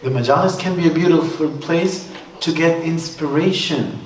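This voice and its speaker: A man's voice: fairly high pitch, moderate pace, far from the mic, slight background noise. A man giving a sermon at a religious gathering, talking in a casual, joking way while telling stories. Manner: conversational, joking storytelling. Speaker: religious speaker. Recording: roomy hall from afar.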